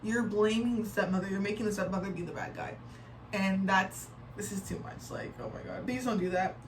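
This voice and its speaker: A woman's voice: medium pitch, expressive, a little fast. Chatty young woman, a bit off-mic. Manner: chatty, heavy "like" filler, exasperated. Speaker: reaction video creator. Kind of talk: casual reaction commentary, reading posts aloud. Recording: distant mic with faint background noise.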